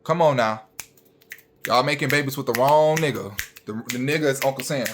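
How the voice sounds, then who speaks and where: A man's voice: medium pitch, moderate pace, slight background noise. A young man, a registered nurse, ranting bluntly and profanely straight at his viewers.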